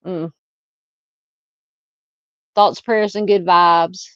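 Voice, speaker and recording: A chatty woman with a Southern American accent hosts a casual live chat and reads viewer comments aloud. Her voice sits at an ordinary pitch. The sound is dull and muffled, with a dry, close feel. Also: fairly even intonation, extremely slow, no echo. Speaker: livestream host.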